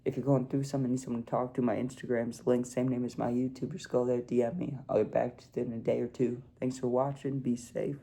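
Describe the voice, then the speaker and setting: A young man tells a story to his vlog audience in an easygoing way, tossing in "dude" and "like" as he goes. His voice is gravelly and dark, sitting at an ordinary pitch. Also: level tone, quick pace, few pauses. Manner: laid-back, peppers talk with "dude" and "like". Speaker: vlogger.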